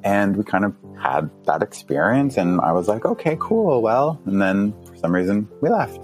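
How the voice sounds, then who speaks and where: A man on a podcast, telling a story in a casual, animated way, laughing often and jumping up in pitch as he acts out his younger self. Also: moderate pace, faint music behind. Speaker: podcast guest.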